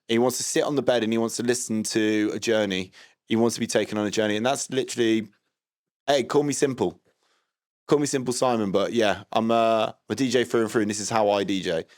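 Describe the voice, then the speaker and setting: A man hosting a livestream, rambling in a deadpan way with lots of ums and restarts. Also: medium pitch. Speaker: livestream host doing a comedy DJ character. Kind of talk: deadpan improvised livestream comedy.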